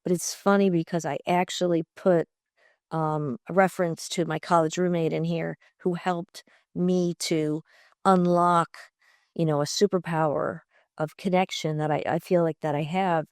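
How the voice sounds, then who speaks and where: Middle-aged woman from long island, chatty and upbeat, lots of um and you know, lowish voice, dry close sound. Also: steady tone, normal speed, a little mellow, dry recording. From Long Island, New York. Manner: chatty, enthusiastic, many fillers. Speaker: podcast guest, entrepreneur. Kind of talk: conversational interview.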